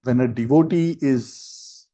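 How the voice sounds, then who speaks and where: Warm-voiced man teaching a scripture class. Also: medium pitch, slow. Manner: storytelling with acted quotes and asides. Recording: dull lo-fi recording.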